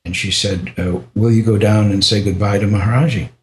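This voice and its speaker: An older American man, a podcast guest, telling a personal story in a reflective, unhurried way, with frequent restarts and small laughs. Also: fairly low pitch, fairly even intonation, slight background noise. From United States.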